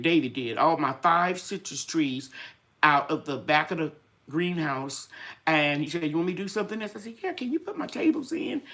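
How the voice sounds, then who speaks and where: Low and a touch bright, the voice belongs to an older woman hosting a gardening channel live stream. She chats casually, spins stories, and performs quoted voices, sounding slightly worn out with draining sinuses.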